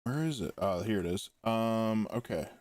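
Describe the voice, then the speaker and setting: Low-voiced hesitant male player. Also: lively intonation, moderate pace, a little mellow, a little hiss or hum. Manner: hesitant, thinking aloud over his turn. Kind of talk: tabletop game chat.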